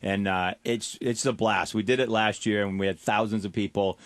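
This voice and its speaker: A man, a comedian guest telling animated stories in a radio studio chat, often laughing as he talks. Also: lowish voice, normal speed, no room sound. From New England.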